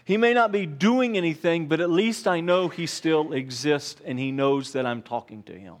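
A man preaching a sermon as pastor, earnest, dropping quiet and then rising to emphatic repeated lines. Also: a little high, normal speed.

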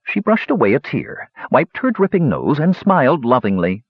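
A man reading a fantasy story aloud with expressive storybook narration. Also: mid-range voice, normal speed, creaky, few pauses, husky, no echo. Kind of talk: audiobook narration. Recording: dull lo-fi recording.

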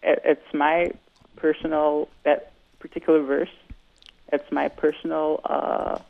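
A man calling into a radio debate who hesitates, fills pauses with ums and restarts his sentences. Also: fairly high pitch, flat delivery, vocal fry. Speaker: caller. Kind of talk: call-in debate. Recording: tinny phone line.

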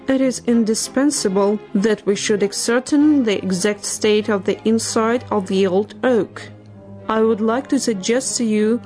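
A woman's voice: dark tone, close to an everyday voice. Old raven academician: throaty, formal, solemn speaker, read by a woman. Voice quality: low and throaty. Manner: formal, speech-making.

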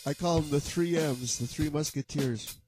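A man hosting an online music jam, chatting casually in a rambling, halting way with frequent restarts and chuckles. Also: a little high. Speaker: online jam session host. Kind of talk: casual chat.

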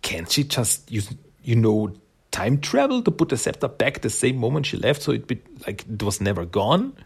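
A blunt, edgy young turtle girl from a comic, as a man reads her out, speaking flatly in a slightly lower voice. The tone is husky with a gravelly edge. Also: moderate pace, full character voice.

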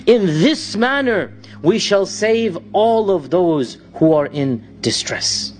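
A man's voice: high-pitched, sing-song, takes it slowly, slight background noise. A man preaching a sermon, telling a story dramatically and reciting Arabic verses between his English lines.

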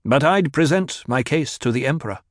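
A man's voice: mid-range voice, lively intonation, brisk, dry recording, pitched above the performer's own voice, natural voice. Proud young duke heir, icy and commanding, a man narrating does him, dry close sound.

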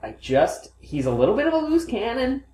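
A man's voice: very high voice, huge pitch swings, fairly quick, a little mellow, a little hiss or hum. A man co-hosting a podcast, bantering casually about sports with a joking, chatty manner. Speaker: podcast co-host. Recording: roomy echo.

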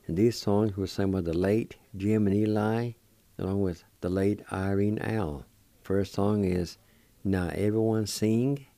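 A man with a dark, lowish voice, recorded with no room sound, hosts a radio language lesson teaching vocabulary. He patiently spells every word letter by letter and repeats each pronunciation.

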